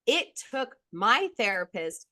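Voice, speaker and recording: A woman in her thirties telling her own story in candid conversation, blunt and profane, getting animated when she quotes others. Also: on the high side, slow, no room sound.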